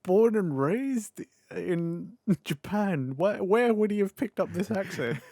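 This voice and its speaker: A man's voice: high-pitched, takes it slowly, no echo, studio quality. A young British man co-hosting a podcast, chatting casually and wryly about anime. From Britain. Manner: animated, wry, joking. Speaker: podcast co-host. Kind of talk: casual chat reviewing anime.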